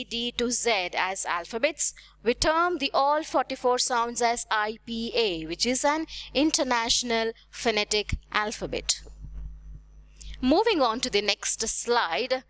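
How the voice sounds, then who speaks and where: High-voiced woman giving a phonetics lecture. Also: fairly bright tone. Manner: deliberate, explanatory, repeats key terms. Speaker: teacher. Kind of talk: lecture narration over slides.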